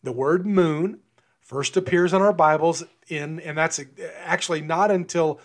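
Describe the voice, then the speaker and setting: A man's voice: fairly high pitch, measured pace. A man giving an informal sermon and Bible teaching, talking conversationally and often repeating words as he restarts. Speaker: preacher.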